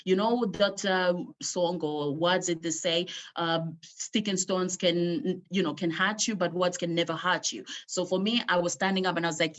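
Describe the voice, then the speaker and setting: A woman with a somewhat low voice shares a personal story at an online gathering. She speaks emotionally and with emphasis, drawing out key words. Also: fairly even intonation, moderate pace, hardly any pauses.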